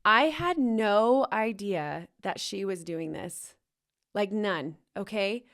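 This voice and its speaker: A young woman speaks straight to her listeners in a mid-pitched voice, open and heartfelt. She recounts hard times with real feeling, rising with emotion and letting rueful laughs slip in. Her tone is warm and confessional, like a podcast host talking to people she knows. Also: slow pace. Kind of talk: personal storytelling to listeners.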